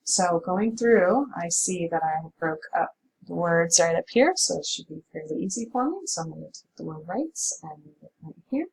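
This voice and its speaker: A woman's voice: on the low side, animated, moderate pace, vocal fry, darkish tone, a little hiss or hum, poor audio. A woman teacher giving a recorded spelling lesson, patiently sounding out words.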